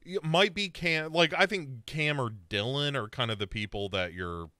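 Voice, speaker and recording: Recorded with clean studio sound and no room sound, this podcast co-host speaks at normal speed in a medium-pitched voice. He recaps a horror series in casual conversation, telling it animatedly and performing the characters' lines.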